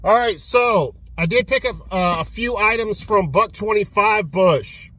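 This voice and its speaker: A man vlogging casually about his movie collection and fast food, rambling, repeating words and swearing as he goes. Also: high-pitched, sharp tone. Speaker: physical media collector vlogger. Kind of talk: casual vlog rant.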